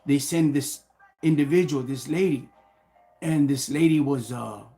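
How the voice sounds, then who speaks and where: A middle-aged man telling a personal story casually on a live stream, animated and slang-heavy, acting out what people said. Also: medium pitch, unhurried, vocal fry, faint music behind.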